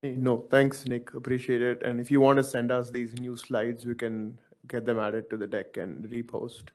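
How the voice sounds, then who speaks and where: Man, mid-pitch voice, moderator, short friendly handoffs, video call. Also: little pitch movement, normal speed. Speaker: workshop moderator. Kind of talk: moderating a web workshop.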